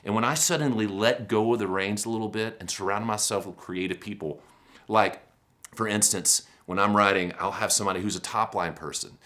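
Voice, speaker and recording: This motivational keynote comes from a man in his fifties whose voice sits on the low side and moves fairly quickly. Animated and self-deprecating, he tells stories and leans on rhetorical questions.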